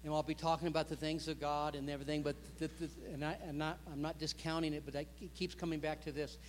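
Man in his fifties, sermon delivery, impassioned, slightly high voice, low hum in the recording. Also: little pitch movement, quick pace, big-room sound. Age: 50s. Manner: builds to loud impassioned preaching, acts out quoted prayers. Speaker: pastor.

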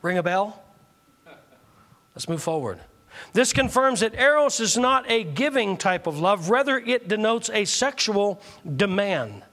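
A man's voice: sits high, lively intonation, measured pace, bright, forceful tone. A male pastor preaching a sermon, joking with and teasing the congregation through call-and-response.

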